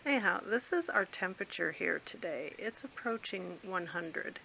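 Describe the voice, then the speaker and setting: Chatty woman with a gravelly, bright voice. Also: fairly low pitch, expressive, normal speed, a little hiss or hum. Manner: chatty and rambling, coos at her cats. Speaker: vlogger. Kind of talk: casual rambling vlog. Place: backyard outdoors and at home. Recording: dull lo-fi home video.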